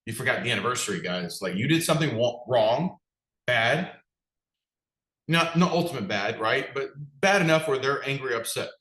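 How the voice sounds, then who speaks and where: Man, business coach, motivational talk, conversational, asks the crowd questions, medium pitch, roomy echo. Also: expressive, normal speed, a bit bright. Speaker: business coach for martial arts school owners.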